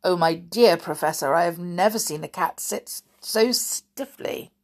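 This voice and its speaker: A woman voicing a wise, gentle elderly male wizard who speaks calmly and teasingly. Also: lowish voice, unhurried.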